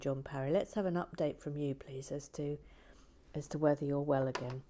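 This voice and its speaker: This vlog host's voice sits low with a dark tone and a measured pace. She chats casually while building with bricks, muttering and often breaking into whispered asides.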